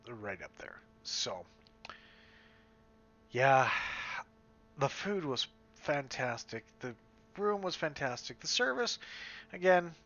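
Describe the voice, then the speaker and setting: A man from Western Canada vlogs at home in a casual, rambling chat full of fillers and restarts. His mid-range voice sounds pushed and bright, and the recording has a slightly dull lo-fi quality.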